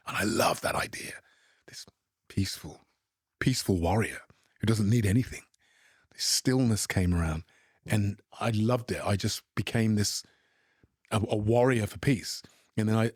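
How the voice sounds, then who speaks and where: A man's voice: lowish voice, darkish tone, dry recording, clean studio sound. A middle-aged British man from England, an actor answering interview questions in a reflective way with frequent restarts. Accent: British English. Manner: reflective, halting with repeated restarts. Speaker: actor guest.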